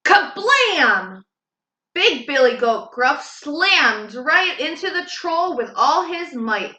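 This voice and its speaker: Woman storytime reader, slow and expressive, bright voice; roomy echo. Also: high-pitched. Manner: expressive, sing-song read-aloud. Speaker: children's storytime host. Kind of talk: reading a storybook aloud.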